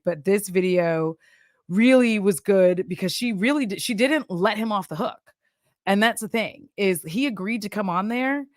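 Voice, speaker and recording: A woman's voice: medium pitch, no room sound. Woman host, casual commentary, laughs a lot, goes off on tangents, dry close recording. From Texas. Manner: chatty, laughs often, tangents and asides. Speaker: commentary YouTuber.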